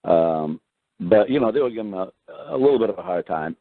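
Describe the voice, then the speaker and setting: A man casually telling a story, acting out what others said in a higher voice and often adding "right?" and clearing his throat. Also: a little fast, dry recording. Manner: animated retelling, acts out quoted voices higher, keeps adding "right?". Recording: dry tinny phone-line sound.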